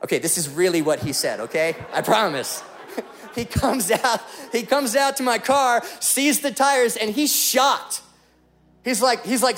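A man's voice: very high-pitched, moderate pace, fairly bright tone, soft background music. A young man preaching a sermon as a pastor, joking and telling stories with animation.

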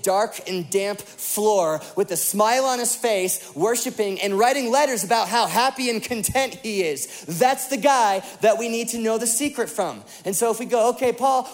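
A young man preaching a sermon, telling a story in a lively way with lots of fillers. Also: high voice. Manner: animated storytelling with many fillers. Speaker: pastor.

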